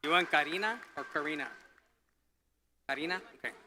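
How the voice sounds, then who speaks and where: A man at a school commencement who quietly checks how each graduate says their name, then reads it out clearly over a podium microphone, friendly with the students. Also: a little high, brisk, a little hiss or hum. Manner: friendly and relaxed with students, calling them ma'am, sir, dude. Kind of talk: reading graduates' names at a ceremony.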